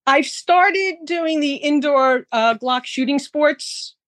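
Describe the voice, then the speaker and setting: This woman's voice sits high and is a bit bright, and she speaks slowly with no echo. She is a chatty guest in a casual interview, discussing the firearms classes she teaches and often using fillers.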